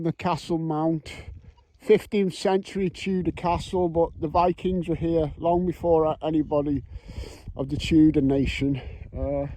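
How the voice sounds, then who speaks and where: A man's voice: sits high, darkish tone. A man filming his metal detecting vlog outdoors on a windy island, joking, bantering and swearing as he goes. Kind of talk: casual vlog commentary. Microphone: camera mic with wind muff.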